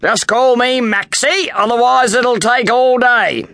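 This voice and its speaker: A man voicing a loud, gruesome head gladiator trainer who bellows his orders, in an Australian children's storybook. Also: very high-pitched, steady tone, takes it slowly, creaky, no room sound, pitched above the performer's own voice, full character voice. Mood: booming. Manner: shouting, bellowing.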